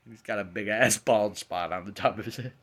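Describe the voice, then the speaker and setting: A man's voice: lowish voice, moderate pace, a bit bright, husky. A man giving an angry, profane rant while reviewing a horror film. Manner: profane, ranting, heated. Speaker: movie reviewer.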